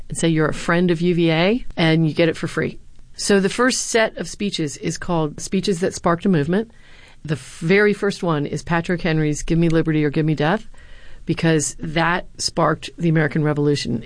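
Low-voiced woman telling stories. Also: no room sound. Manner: earnest, anecdotal, with some fillers. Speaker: former presidential speechwriter and university lecturer. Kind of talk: interview answers, storytelling.

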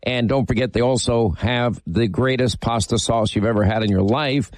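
A man's voice: medium pitch, normal speed, no echo. Radio host guy, chatty, um and uh a lot, dry studio sound. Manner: chatty, rambling, with frequent fillers. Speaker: radio talk show host. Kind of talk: casual radio talk and live ad read.

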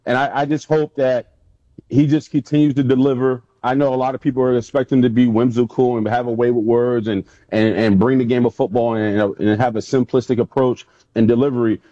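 Mellow-voiced former player telling stories. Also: male voice, medium pitch, a little fast, no echo. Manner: animated storyteller, acts out quotes. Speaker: guest, former pro football player. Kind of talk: casual interview storytelling. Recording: dull lo-fi sound, dry.

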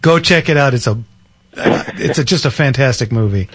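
A man's voice: medium pitch, expressive, fairly quick, a bit bright, breathy edge. A man hosting a call-in radio show, chatting casually with many restarts and fillers. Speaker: radio host. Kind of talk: casual talk radio chat.

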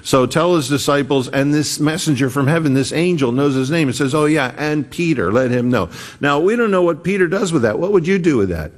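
A man preaching a sermon as pastor, slow and conversational, often pausing and wandering off on asides. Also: a little high, lively intonation. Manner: conversational, digressive, slow and deliberate. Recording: echoey hall reverb.

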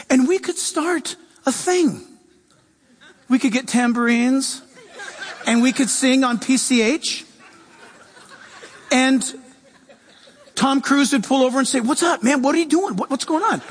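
A man preaching a sermon as pastor, animated, swinging between loud emphasis and quiet asides. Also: very high-pitched, breathy edge, big-room sound.

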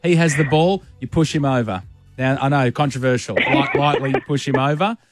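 A man's voice: mid-range voice, normal speed, faint music behind. A young adult man with an Australian accent co-hosting a radio show, playful and cheeky in his banter. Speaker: radio co-host.

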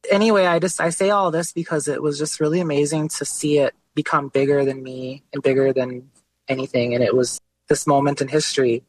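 A man being interviewed as a guest artist, telling his story in a relaxed, casual way, often saying "like" and "you know". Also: fairly high pitch, brisk, a little hiss or hum, low-quality recording.

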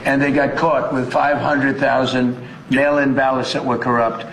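A man's voice: mid-range voice, little pitch movement, normal speed, fairly bright tone. A man making emphatic, repetitive political points. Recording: roomy clip with faint background noise.

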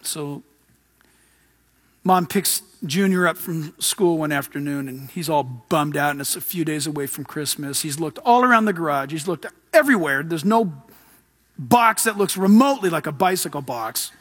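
A man's voice: on the high side, expressive, moderate pace, a bit bright, in a large hall. A man preaching a sermon, telling stories and rising to emphatic exhortation.

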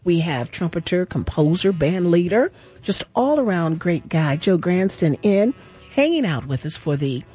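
Lively, mellow-voiced radio host woman. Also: fairly low pitch, normal speed, husky. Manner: lively, warm-voiced appeals to listeners. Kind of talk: public radio pledge-drive talk. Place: radio studio.

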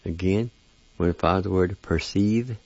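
A man's voice: deep voice, moderate pace, darkish tone, no room sound. A man teaching a language lesson, carefully spelling and repeating each word in a dull lo-fi recording. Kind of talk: slow word-by-word pronunciation lesson.

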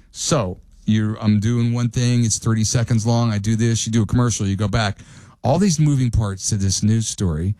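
A man's voice: lowish voice, warm tone, no echo. A male radio host telling a rambling anecdote, correcting himself as he goes and chuckling along. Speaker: radio talk show host. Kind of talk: casual radio storytelling.

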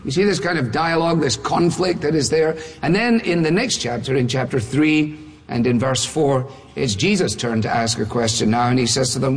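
A man's voice: medium pitch, moderate pace, breathy edge. A man preaching a sermon, building emphatic rhetorical questions with touches of wry humor. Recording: long reverb of a large hall.

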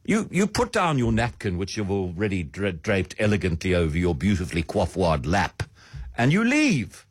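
A man's voice: low-pitched, wildly swooping pitch, moderate pace, husky, no room sound. A man hosting a radio talk show, delivering a sardonic, theatrical monologue with a swooping delivery. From South Africa.

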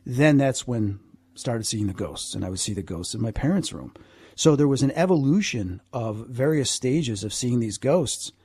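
A man who is a guest, telling animated anecdotes with frequent asides in a conversation. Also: medium pitch, moderate pace, husky, dry recording. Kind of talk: storytelling in a conversation.

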